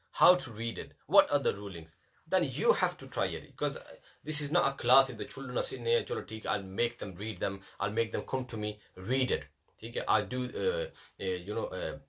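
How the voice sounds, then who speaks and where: A man teaching Quran pronunciation, explaining rules in English and slowing down to recite verses. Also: on the low side, a bit bright, breathy edge. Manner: explains in English mixed with Hindi, slows right down to recite verses. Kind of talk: online lesson.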